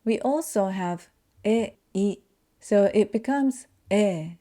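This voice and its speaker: A woman whose first language is Japanese gives a pronunciation lesson, speaking slowly and carefully as she demonstrates sounds. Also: medium pitch, warm tone. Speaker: language teacher.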